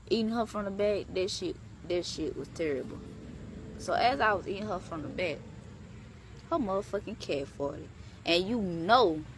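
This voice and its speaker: A young woman telling a story in a casual vlog, animated and profane, leaping up in pitch for emphasis. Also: a little hiss or hum. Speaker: vlogger.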